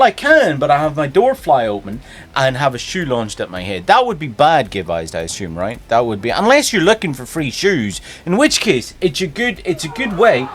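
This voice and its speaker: A man with a Northern Irish accent hosting a live stream, chatting casually and greeting viewers by name. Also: a little high. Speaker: streamer host.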